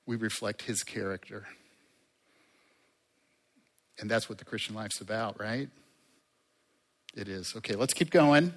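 A man preaching a sermon as a pastor, conversational and lively, with asides to the congregation. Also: lowish voice, moderate pace, long reverb tail.

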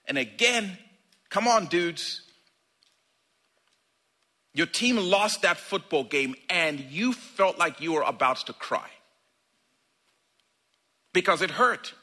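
A man preaching a sermon in a conversational, animated way, acting out little asides. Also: on the high side, takes it slowly, long pauses.

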